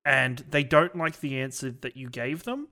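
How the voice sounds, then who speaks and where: A young Australian man with a bright, sharp voice talks on a roundtable podcast. He explains things earnestly and at length. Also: medium pitch, normal speed. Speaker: IT service desk worker on a podcast panel. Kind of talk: casual roundtable chat.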